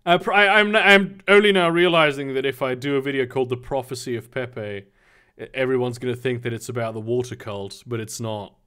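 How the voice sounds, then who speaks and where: A man's voice: mid-range voice, brisk, sharp tone, smooth. A man hosting a live stream, chatting casually and rambling with jokes and restarts. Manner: rambling, jokey, slips into a mock Australian voice. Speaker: streamer host.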